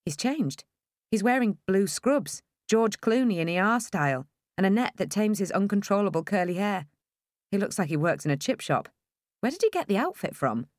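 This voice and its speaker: A woman narrating a first-person audiobook in a wry, expressive storytelling manner. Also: medium pitch, normal speed, dry recording, clean studio sound.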